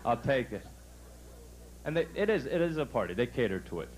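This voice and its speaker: A man doing a brash, punchy stand-up comedy set at a resort club, telling jokes and bursting into loud outbursts. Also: medium pitch, very animated, a little fast, rough recording. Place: resort club stage before a live audience.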